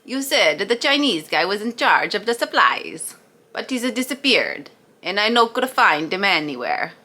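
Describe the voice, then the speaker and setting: A woman voicing an Italian laborer in a put-on Italian accent, speaking slow broken English. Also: medium pitch, very animated, pushed and bright. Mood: flustered. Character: Italian laborer, sturdy and flustered.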